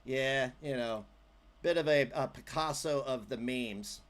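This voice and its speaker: A man with a mid-range voice hosts a casual livestream, speaking a little slowly. He's animated and jokey, chatting loosely with viewers and trailing off into asides.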